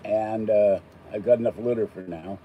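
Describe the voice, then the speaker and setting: An older man from Pittsburgh unboxes an item, chatting casually in a fairly low, steady voice at normal speed. He digresses between topics with self-deprecating asides, and the audio is narrow and tinny with slight background noise.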